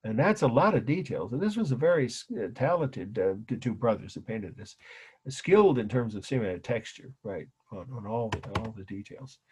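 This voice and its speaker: A middle-aged man teaches an art history class. His voice is husky and sits in an ordinary middle pitch. He spells out names letter by letter and drifts into asides. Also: expressive, normal speed, darkish tone. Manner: spells out terms letter by letter, frequent restarts and asides. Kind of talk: classroom lecture.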